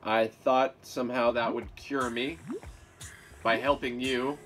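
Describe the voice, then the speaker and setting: A man's voice: medium pitch, fairly even intonation, takes it slowly, a bit bright. A man hosting a let's play, chatting playfully through casual gaming commentary and talking to the creatures on screen. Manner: playful, chatty, gushes and talks to game creatures. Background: game music.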